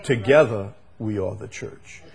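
With vocal fry in his voice, a male preacher works through a sermon at a slow, emphatic pace, flaring into sudden loud, high bursts before dropping soft.

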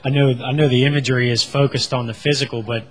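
Husky man speaking up from the congregation. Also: mid-range voice, fairly even intonation, quick pace, poor audio.

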